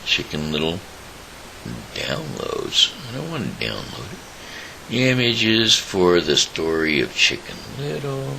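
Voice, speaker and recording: A man from Missouri hosting his own daily show, rambling through opinions and retelling a fable with many pauses and uhs. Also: low voice, wildly swooping pitch, creaky, noisy background. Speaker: host. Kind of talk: rambling monologue and storytelling.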